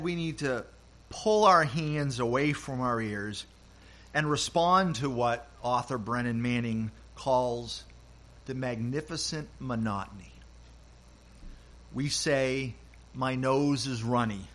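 An older man delivering a sermon, taking his time over each phrase. He speaks gently and acts out short quotes in a softer voice. His pitch sits in a mid range. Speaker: pastor.

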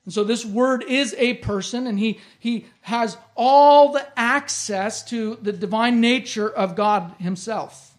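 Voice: measured pace, few pauses. Earnest, emphatic Bible teacher. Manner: earnest, emphatic, drops voice low on key phrases.

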